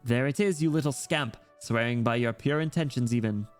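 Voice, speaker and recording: A man's voice: mid-range voice, brisk, clean tone, lightly acted. A man voicing a pompous older noble uncle in a game story, reading it in a mock-British manner over faint music. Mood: stately.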